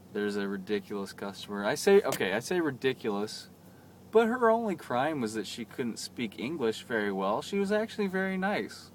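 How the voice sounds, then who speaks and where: A man's voice: fairly low pitch, fairly bright tone, slight background noise. A young man rambling through a chatty, self-mocking vlog story into his camera. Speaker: vlogger. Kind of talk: casual vlog monologue. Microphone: camera mic.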